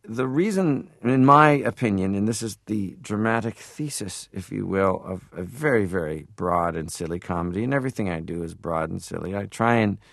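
A man from Canada, a comedian guest, talking casually and at length in an interview, animated, stopping to laugh. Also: sits low, vocal fry, dry recording, clean studio sound. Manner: rambling, animated, stops to laugh.

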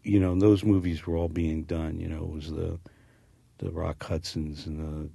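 In a casual interview, an actor with a faint New Jersey accent wanders through memories, restarting sentences as he goes. His low-pitched voice is flat, warm, and husky with vocal fry, at normal speed and with no echo.

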